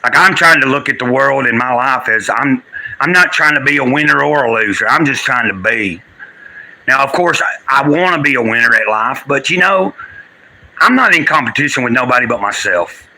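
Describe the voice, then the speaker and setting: A man talking live to his viewers with a sharp, bright voice at a middling pitch. He is teary and rambles earnestly, shifting from preachy spiritual lines to thanking his chat. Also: animated, normal speed, low-quality recording. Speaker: live streamer. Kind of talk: casual livestream chat with spiritual musings.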